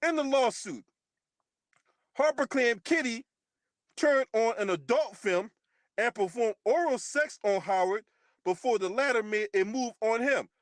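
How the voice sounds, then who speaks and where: A man's voice: extremely high pitch, lively intonation, measured pace, no echo, clean studio sound. A man hosting his own channel who reads out a news story and comments on it, mocking the people in it, swearing freely and often laughing.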